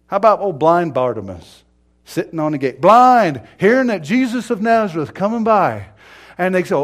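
A man preaching a sermon, swinging from loud cries to hushed whispers and acting out the people in his stories. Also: big pitch swings, moderate pace, breathy edge. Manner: acts out quoted cries in a high strained voice.

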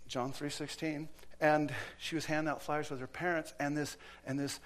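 A man preaches in a church at normal speed, his voice on the high side with a level tone. He tells stories, acting out the quotes, and his delivery swings from loud to hushed.

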